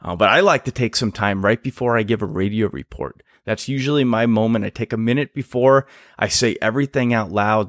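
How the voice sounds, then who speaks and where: An American man with a somewhat low voice talks through his work with easy enthusiasm. The sound is dry and close to the mic, and his casual podcast manner stays friendly and explanatory. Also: brisk, few pauses, no echo. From United States. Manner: enthusiastic, explanatory, laughs easily. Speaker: flight paramedic guest.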